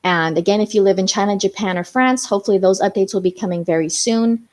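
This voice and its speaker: Speaking fast at a medium pitch, this young woman runs a laid-back live stream, reading out viewer comments and chatting along. Her tone is darkish, and she leans heavily on fillers like "um" and "you know."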